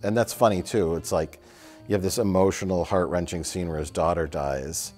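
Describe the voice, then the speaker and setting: A man's voice: deep voice, fairly even intonation, normal speed, darkish tone, soft background music. A man co-hosting a film review show, talking in a rambling casual way with fillers and swearing. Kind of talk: casual chat.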